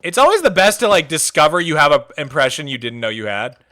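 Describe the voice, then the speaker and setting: A man's voice: on the high side, sing-song, fast talker, bright, forceful tone. A man chatting casually on a livestream, chatty and enthusiastic, rambling as he goes. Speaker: streamer.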